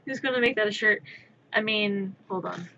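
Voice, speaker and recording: Woman streamer, playful rambling chatter, bright voice, slightly dull home audio with faint hiss. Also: medium pitch, moderate pace, creaky. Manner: rambling, playful, talks to her cat. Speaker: crafting streamer and artist. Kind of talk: casual live-stream chatter. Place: her own room.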